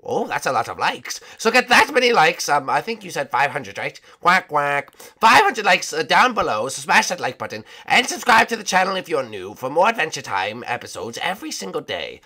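A woman's voice: sits low, very animated, a little fast, few pauses, bright, forceful tone, husky. A woman hosting a playful game role-play, chatting with her pet sidekick. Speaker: gaming channel host.

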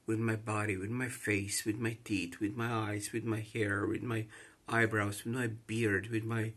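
Distressed, husky Croatian-accented man. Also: lowish voice, a bit bright. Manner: rambling, repeating himself. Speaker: vlogger. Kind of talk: emotional confessional monologue.

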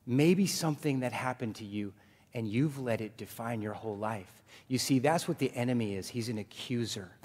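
A male pastor preaching a sermon to his congregation in a lively, joking manner. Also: mid-range voice, slightly rough. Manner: animated preaching, jokes with the congregation. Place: church sanctuary. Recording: long hall reverb.

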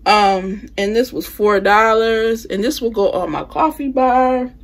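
Showing off her holiday decor purchases in a casual haul video, this vlogger talks chattily to "you guys," dropping phrases like "y'all" and "I'ma." She speaks a little slowly, with a fairly high voice.

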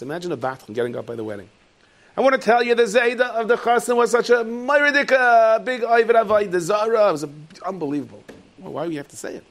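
Animated storytelling rabbi. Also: male voice, vocal fry, slightly rough. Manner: lively storyteller, leaps into high shouted voices for characters. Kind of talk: animated Torah lecture with storytelling.

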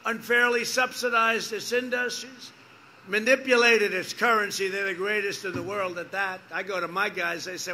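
A man's voice: sits high, normal speed, bright, forceful tone, a little hiss or hum. A man gives a rambling, repetitive campaign rally speech outdoors, making emphatic asides to the crowd. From United States. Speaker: politician speaking at a rally.

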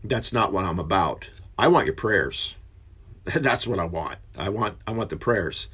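A man giving a casual, earnest Bible study talk, rambling a little with many pauses and fillers. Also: sits low, very animated, a bit bright, husky. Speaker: lay Bible teacher.

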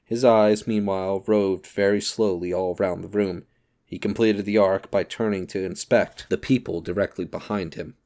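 A man narrating a novel as an audiobook, reading in a steady, measured way. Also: low voice. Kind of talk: scripted narration.

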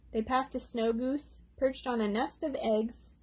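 A woman reading a children's picture book aloud at storytime, gently pausing to explain words for young listeners. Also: on the high side, fairly even intonation, slightly rough. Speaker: storytime reader.

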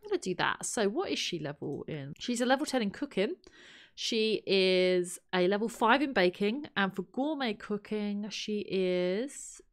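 A woman's voice: medium pitch, lively intonation, measured pace. A woman giving chatty let's play commentary, thinking aloud and exclaiming at what happens in the game. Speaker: gaming channel host.

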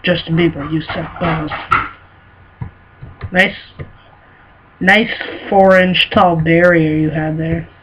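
Excitable male gamer, lo-fi recording. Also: a little high, slow pace, pauses often. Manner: excitable, mock-scolding, shouted exclamations. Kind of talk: let's play commentary. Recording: dull lo-fi recording with faint noise.

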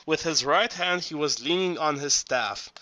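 A man narrating an audiobook in a halting reading voice, often stumbling and restarting words. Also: fairly high pitch, sharp tone, no echo.

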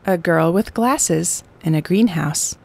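A woman narrating simple picture descriptions for an English lesson, saying words clearly and repeating them. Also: on the low side, slow, darkish tone. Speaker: English teacher.

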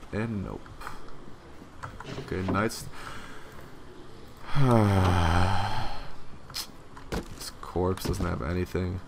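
A man giving casual let's-play commentary, profane and grumbling, who bursts into loud frustrated yelling. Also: deep voice, gravelly, noisy background. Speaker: gameplay commentator.

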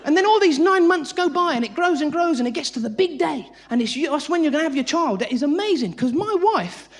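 A man doing live stand-up comedy on a theatre stage, talking in a frantic, high-energy way, swearing and acting out voices. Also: lively intonation, a little fast. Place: theatre stage before a laughing audience. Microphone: stage mic. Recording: live theatre recording with audience noise.

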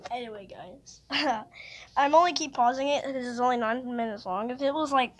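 A woman's voice: high voice, fairly even intonation, brisk. A young woman reacting to a cartoon in casual, giggly, chatty commentary. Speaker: reaction video host.

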